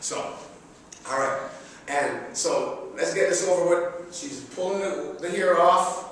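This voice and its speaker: Brief: middle-aged male speaker, slightly higher voice, comic self-mocking storyteller, echoey hall mic from afar. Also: takes it slowly, far from the mic, slight background noise. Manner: animated, chatty, self-mocking. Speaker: public speaker. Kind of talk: humorous speech storytelling. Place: large hall. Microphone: distant room mic.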